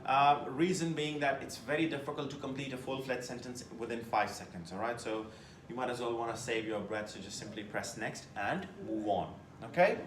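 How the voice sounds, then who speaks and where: A man teaching a test-prep class, lecturing with lively emphasis and putting questions to his students. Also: medium pitch, normal speed, roomy sound, slight background noise.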